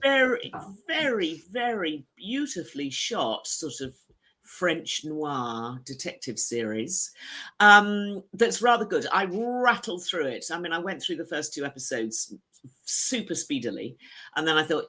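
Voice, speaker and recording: A woman reviewing television shows in casual chat, lively and talkative, laughing easily. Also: deep voice, unhurried. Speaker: screen critic.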